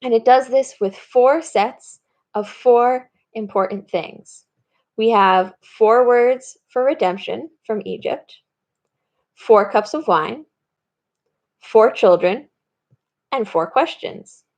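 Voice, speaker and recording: A woman's voice: fairly high pitch, slow, pauses often, lo-fi sound. A woman rabbi giving a recorded lesson, explaining steadily and reading verses aloud. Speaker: rabbi and teacher. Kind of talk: recorded teaching talk.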